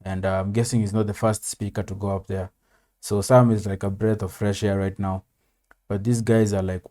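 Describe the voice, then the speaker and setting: A man's voice: on the low side, level tone, moderate pace, warm tone. A man casually commenting on a video, laid-back, swearing and saying "man" often. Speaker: reaction video host.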